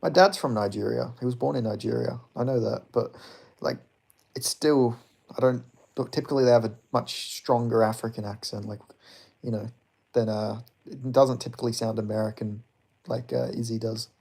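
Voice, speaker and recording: A man's voice: medium pitch, steady tone, moderate pace, gravelly, darkish tone, breathy edge. A man in his twenties chatting casually with his live-stream audience, rambling and swearing as he reads chat. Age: 20s. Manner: profane, rambling, laughs often.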